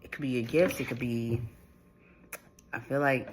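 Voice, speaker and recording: A man's voice: medium pitch, fairly even intonation, moderate pace, a little hiss or hum. A man giving a channeled spiritual reading to his viewers, talking in a loose, rambling way that keeps restarting and repeating itself. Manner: rambling, repetitive, full of restarts and fillers. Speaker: spiritual reader.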